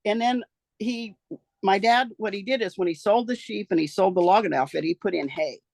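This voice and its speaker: An older woman from the rural American West, her voice gravelly and rough at the edges. She rambles through her memories in a folksy way, trailing off and restarting her sentences. The recording is close and dry, with no room sound. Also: medium pitch, brisk, darkish tone, no room sound. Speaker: interviewee recounting her life. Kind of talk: casual storytelling.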